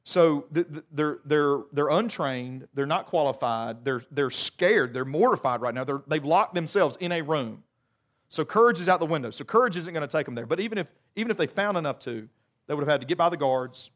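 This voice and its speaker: A man's voice: fairly high pitch, animated, brisk. A male pastor, preaching a conversational sermon with joking asides and frequent restarts.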